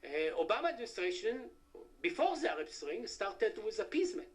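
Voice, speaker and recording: A middle-aged man speaking at a conference, his voice pitched high for a man. He talks haltingly, full of "uh" fillers, tossing in dry, wry remarks to the listeners. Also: very animated. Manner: halting, many "uh" fillers, wry asides to the audience. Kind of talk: academic conference talk. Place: conference hall.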